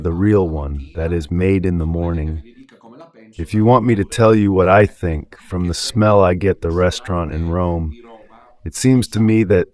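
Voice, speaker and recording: A man's voice: low-pitched, a little mellow. A man giving a rambling spoken commentary on Catholic radio, full of rhetorical questions.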